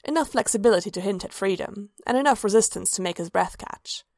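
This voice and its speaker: A woman narrating a fan fiction story aloud in an even, measured way. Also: medium pitch, no room sound, studio quality.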